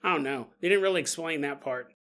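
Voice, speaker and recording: A man talks through a casual podcast monologue with a high, bright voice. He laughs often and leaps into exaggerated voices for the people he quotes. The delivery is loose and jokey. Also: fast. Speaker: podcast host.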